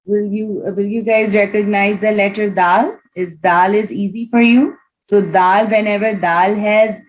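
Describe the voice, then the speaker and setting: A woman's voice: mid-range voice, fairly even intonation, moderate pace, slight background noise, poor audio. A woman teaching Quran reading in an online class, patiently demonstrating each letter sound aloud over a video call.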